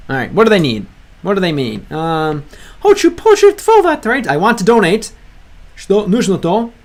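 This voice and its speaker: High-voiced man chatting over gameplay. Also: animated, moderate pace. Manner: chatty, restarts often, reads game lines aloud and translates. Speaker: language-learning gaming creator. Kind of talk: casual gameplay commentary.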